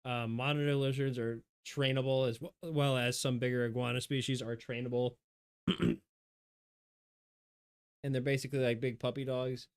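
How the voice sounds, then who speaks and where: A man's voice: flat delivery, moderate pace, pauses often, clear, resonant tone. Casual man chatting about his reptiles. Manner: talks to his reptiles in a high, coaxing voice. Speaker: reptile keeper streamer. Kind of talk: casual chat with pets on stream.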